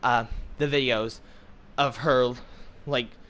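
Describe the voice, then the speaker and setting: A man's voice: medium pitch, steady tone, slow, a bit bright. An American man in his twenties chatting casually while gaming, rambling with lots of fillers and jokes. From United States. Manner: rambling, full of fillers, jokey. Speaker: gaming streamer.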